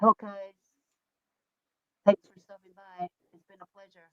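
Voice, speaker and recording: A middle-aged English woman with a Berkshire accent tells stories in a relaxed, chatty way on a live stream. She talks to a friend, steady in pitch, and keeps checking they follow her with "you know what I mean". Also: unhurried, clear, resonant tone, highs cut off. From England. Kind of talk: casual chat. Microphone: desk mic.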